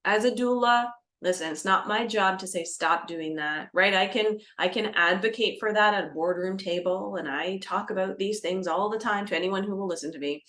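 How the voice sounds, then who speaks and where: A woman doula explaining birth practice to camera, lively and expressive, acting out scenes and dropping into a soft calm voice. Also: medium pitch, brisk, hardly any pauses. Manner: animated, acts out scenes with gasps and shifts to a soft calming voice. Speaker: doula educator. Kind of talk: educational talk to camera.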